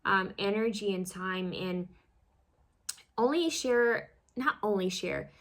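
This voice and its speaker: A woman's voice: medium pitch, takes it slowly, fairly bright tone. A woman giving a casual pick-a-card tarot reading, rambling and self-conscious, full of fillers and restarts as she fumbles over her words.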